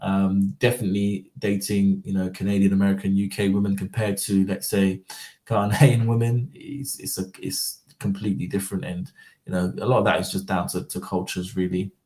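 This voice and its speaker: A man's voice: sits low, little pitch movement, fairly quick, warm tone, recorded from a distance. A man talking in a casual, rambling monologue, full of fillers and repeated words. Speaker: vlogger. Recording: roomy, voice off-mic.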